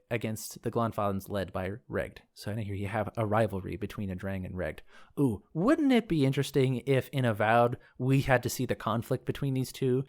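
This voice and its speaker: A man hosting a lore podcast, reading from a book and wandering into casual asides as he thinks aloud. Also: mid-range voice. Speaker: podcast host discussing game lore.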